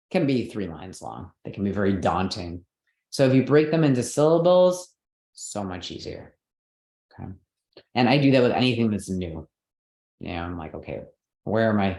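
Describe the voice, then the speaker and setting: Man, teacher, patient explaining, frequent check-ins, mid pitch, roomy echo. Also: a little mellow. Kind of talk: online lesson on Sanskrit pronunciation.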